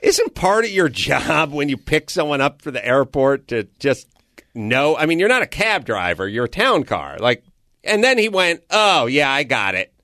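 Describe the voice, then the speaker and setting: A man's voice: a little high, moderate pace, no echo. Guy ranting on a podcast, voice jumps all over when he acts out people, dry close sound. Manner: animated storytelling, acts out quotes, profane. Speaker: podcast co-host. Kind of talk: casual comedic rant.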